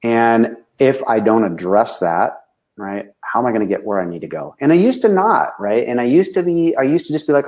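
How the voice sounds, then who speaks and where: A man's voice: medium pitch, fairly quick. Earnest man who keeps saying "right?". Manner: tags nearly every sentence with a questioning "right?"; frank, earnest and animated. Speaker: business coach. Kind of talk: casual conversational talk.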